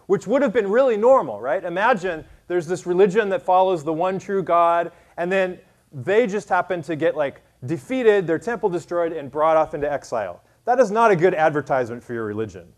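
A man's voice: high-pitched, lively intonation, fairly quick. A man preaching a sermon as pastor, conversational and loose, full of "like" and "um", and reading scripture aloud with rising emphasis. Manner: casual, conversational preaching with many fillers.

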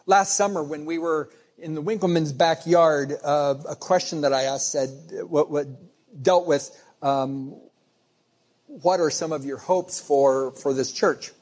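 A man's voice: on the high side, fairly even intonation, measured pace, a little mellow. A man preaching a sermon in a conversational storytelling way, often restarting phrases as he goes. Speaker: pastor.

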